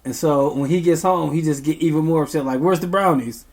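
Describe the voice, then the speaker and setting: A man's voice: on the high side, fairly even intonation, quick pace, a little mellow. A young man, a podcast co-host, telling a meandering story in casual chat, full of ums.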